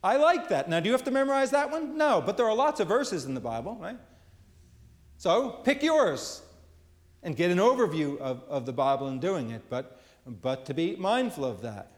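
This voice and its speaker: A middle-aged male pastor giving a conversational sermon, quoting scripture and pausing on fillers. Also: high voice, very animated, in a large hall. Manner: conversational preaching, quotes scripture, frequent fillers.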